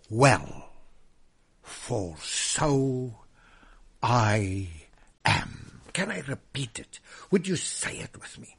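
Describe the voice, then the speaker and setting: Slow husky preacher with lively swings. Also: male voice, a little high. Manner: slow, emphatic, swings from loud proclaiming to hushed whispers. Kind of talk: sermon.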